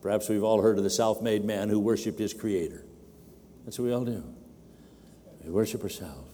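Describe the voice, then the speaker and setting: An older man preaching a sermon in a large conference hall, his mellow voice trailing off into a long reverb. He gets animated and pushes his voice up when he acts out a demanding baby. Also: on the low side, normal speed, slight background noise.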